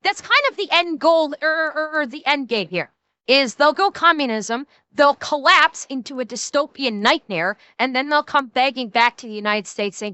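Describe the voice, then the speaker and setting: A woman with a high, bright, sharp voice rants on stream about politics. She swears freely, trips over restarts and turns mocking. The sound is close and dry. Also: expressive, moderate pace, no room sound. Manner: profane, heated, stumbling restarts, mocking. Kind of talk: angry political rant.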